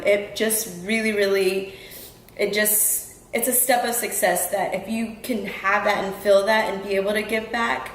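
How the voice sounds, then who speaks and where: A woman's voice: medium pitch, echoey room, slight background noise, rough recording. A woman hosting her own show, talking earnestly and casually to her listeners, with frequent ums and restarts. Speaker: podcast host. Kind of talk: casual talk to the audience. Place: home room in Houston.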